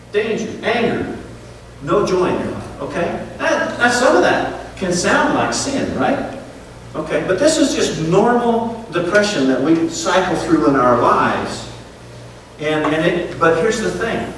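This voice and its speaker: A man preaching a sermon as pastor, animated, who keeps checking in with the congregation with "okay?" and "right?". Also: on the high side, slight background noise. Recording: echoey hall, voice from far off.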